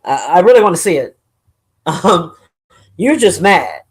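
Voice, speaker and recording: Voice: mid-range voice, big pitch swings, a little slow, slightly rough. A live streamer chatting casually with viewers and reading their messages, blunt, profane and laughing often. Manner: blunt and opinionated.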